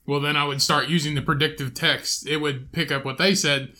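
A man's voice: fairly high pitch, fairly even intonation, a little fast, bright, forceful tone. A man from Indiana co-hosting a casual podcast, blunt and offhand, swearing freely. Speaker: podcast co-host. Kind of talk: casual chat.

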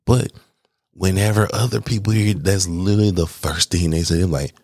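This is a man with an extremely deep voice, the kind people tell him belongs on the radio. He hosts his own podcast and chats in a loose, rambling way, poking fun at himself, laughing between phrases and swearing freely. The sound is dry and close, with no room around it. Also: steady tone, brisk, a little mellow, breathy edge, no room sound. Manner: candid, rambling, self-deprecating. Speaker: podcast host. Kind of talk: casual solo podcast chat.

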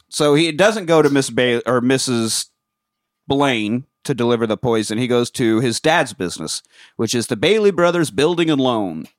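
A man chatting through a movie recap, cursing freely and laughing between lines. He jumps into quick put-on voices for the characters, and his pitch swings widely. The sound is dry and close to the mic. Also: no room sound. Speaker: podcast host. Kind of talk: casual movie recap chat.

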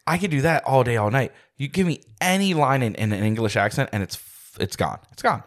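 A man's voice: mid-range voice, expressive, a little fast. A man co-hosting a podcast in casual chat. He works as a narrator and voice actor, and he talks in an emphatic, self-deprecating way. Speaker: podcast co-host.

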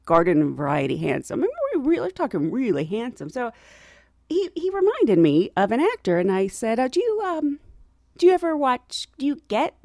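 A middle-aged American woman telling a travel story in a chatty, animated way, laughing often and acting out what she and others said. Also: mid-range voice, gravelly, no echo, studio quality. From United States.

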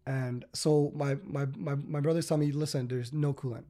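Speaking at normal speed with a slightly high, dark-toned voice and fairly even intonation, this podcast host wanders through his stories casually. Fillers like "like" and "you know" crop up constantly.

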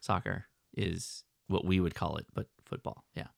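A man's voice: low voice, fairly even intonation, normal speed, gravelly, no room sound, studio quality. An American man co-hosting a podcast, talking in a playful, rambling way and often correcting himself. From United States. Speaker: podcast co-host. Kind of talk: casual chat.

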